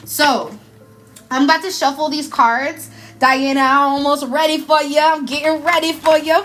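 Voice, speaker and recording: High-pitched woman doing a live card reading, effusive and slangy. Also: fairly even intonation, normal speed, fairly bright tone. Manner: emotional, effusive, casual slang. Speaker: tarot reader.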